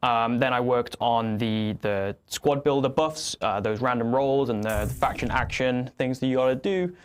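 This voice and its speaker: A man's voice: medium pitch, moderate pace, clear, resonant tone. A man in his twenties, a game designer guest, answering casually with lots of fillers and a modest tone. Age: 20s. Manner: relaxed, filler-heavy, modest.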